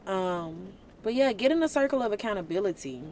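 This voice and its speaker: Animated woman preaching casually. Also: medium pitch, fairly quick, a little hiss or hum. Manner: colloquial, animated, conversational. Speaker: Christian vlogger.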